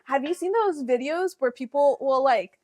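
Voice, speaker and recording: A woman's voice: high voice, animated, normal speed, a little mellow. A young woman co-hosting a podcast, chatting casually and bickering playfully with her brother. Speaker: podcast co-host. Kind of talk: casual chat.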